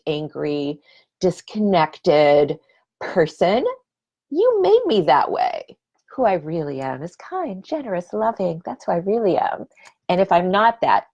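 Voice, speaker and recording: A woman's voice: fairly low pitch, vocal fry, darkish tone. A middle-aged woman hosting a reflective personal talk, earnest and emphatic, often repeating her key words for weight. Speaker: podcast host. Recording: dull lo-fi recording.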